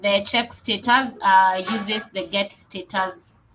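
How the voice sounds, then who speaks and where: A woman's voice: medium pitch, fairly even intonation, slow, fairly bright tone, soft background music, low-quality recording. A woman developer relations presenter walking through code in a live coding session, explaining steps with frequent fillers and restarts.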